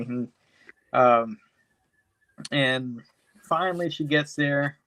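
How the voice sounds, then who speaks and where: A man's voice: mid-range voice, slow, long pauses, sharp tone. A man co-hosting a podcast, recapping a movie plot in a rambling, profane way, packed with "you know.". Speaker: podcast co-host. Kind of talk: casual chat, movie recap.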